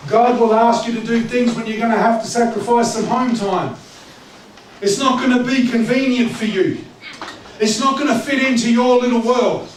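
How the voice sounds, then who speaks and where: A man preaching a sermon as pastor, conversational and joking, swinging between loud preaching and low asides. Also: slight background noise. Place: church hall. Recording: echoey church hall, distant mic, congregation audible. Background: congregation.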